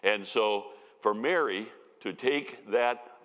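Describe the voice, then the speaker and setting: A man's voice: on the low side, slow, fairly bright tone. A man giving a conversational sermon as a Bible teacher, telling the story with folksy asides. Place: church sanctuary. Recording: long reverb of a church hall.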